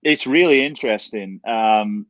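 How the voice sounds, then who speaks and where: A man in his forties from England with a Yorkshire-born English accent softened by a slight Canadian twang, telling stories as a guest in a casual livestream chat. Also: on the low side, a little slow, no echo, muffled recording. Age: 40s. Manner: chatty, animated storyteller with many restarts.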